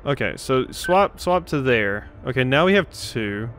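A man's voice: medium pitch, animated, measured pace, fairly bright tone. Guy muttering through a puzzle game, self-deprecating, faint game music under him. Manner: self-deprecating, thinks aloud. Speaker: let's play host. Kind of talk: gaming commentary.

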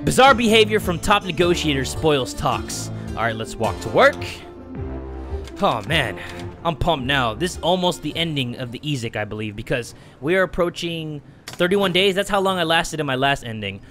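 A man hosting a gaming video, his voice pitched high and swinging wildly as he reacts. He talks in loud, profane, excitable bursts, with a bright, sharp tone. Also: normal speed, faint music behind. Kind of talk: let's play commentary.

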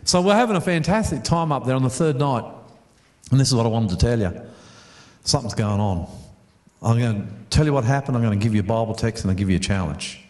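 A man's voice: medium pitch, expressive, fast, a little mellow, roomy sound. A middle-aged Australian man preaching a sermon to a congregation, chatty, repeating words and putting questions to the audience. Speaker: pastor. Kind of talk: storytelling sermon.

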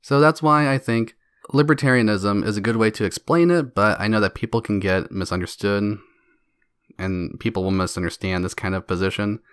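A man's voice: lowish voice, normal speed, smooth, dry recording, clean studio sound. A man hosting a solo podcast, ranting in a profane, mocking way and laughing between jabs. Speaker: podcast host.

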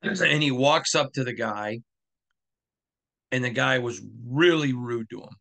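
Gravelly, emphatic sports podcast man. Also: medium pitch, a little slow, bright, forceful tone. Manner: emphatic, repeats lines for effect. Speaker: podcast host. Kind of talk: opinionated sports podcast monologue.

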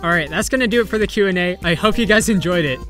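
High-voiced young man telling a story. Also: very fast, faint music behind. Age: young adult. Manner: animated, swearing, acts out quotes. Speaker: YouTuber. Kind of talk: casual storytelling.

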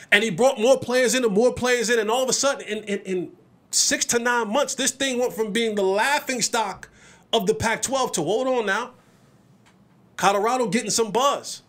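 A man hosting a sports podcast, talking in an animated, emphatic way, repeating words as he builds his points. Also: sits high. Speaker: podcast host.

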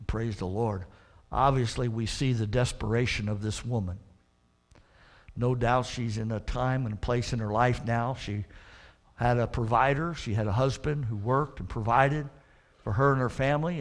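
A man pastor delivering an earnest sermon, often restarting with repeated words and swelling into loud emphatic warnings. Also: mid-range voice, steady tone, normal speed.

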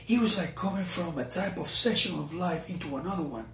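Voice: mid-range voice, a little fast, slight background noise. A preacher telling a personal testimony to viewers, often calling them "you guys.". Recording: roomy echo.

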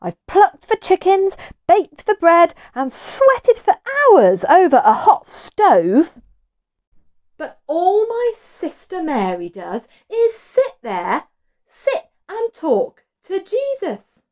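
A woman's voice: very high voice, huge pitch swings, slow, a little mellow, voice pushed up, full character voice. A woman reading a storybook aloud and voicing a tired, cross grown woman who moans that she does all the housework. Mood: moaning, fed up. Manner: whiny, moaning, emphatic.

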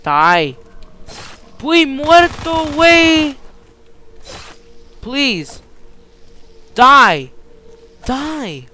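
A man giving profane, excitable commentary over a video game, slipping into Spanish slang, on a cheap headset mic. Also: extremely high pitch, drawn-out words, pauses often, slight background noise. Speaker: gamer. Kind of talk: gameplay commentary.

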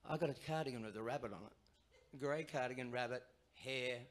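A man's voice: mid-range voice, brisk. A man in his sixties with an Australian accent, a singer telling a chatty, self-mocking story between songs at a live gig. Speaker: singer and bandleader. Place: small live music venue in a barn. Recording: live stage recording with band. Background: guitar and band music.

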